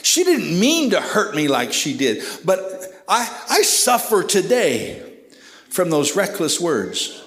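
A man preaching an impassioned altar-call sermon at a church service, moving between hushed and shouted prayer. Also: sits high, wildly swooping pitch, slow pace. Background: musicians playing.

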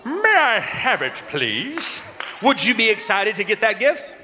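A man giving a lively children's sermon, coaxing and calling out to the kids in a church. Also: high-pitched, unhurried, background noise. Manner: animated, coaxing, calls out to the kids. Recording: long reverb in a large hall, faint crowd.

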